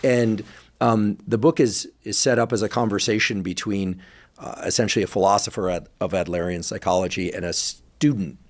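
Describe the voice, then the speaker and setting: A man's voice: fairly low pitch, steady tone, moderate pace. A man interviewing a guest in casual conversation, speaking politely with frequent hesitations and fillers.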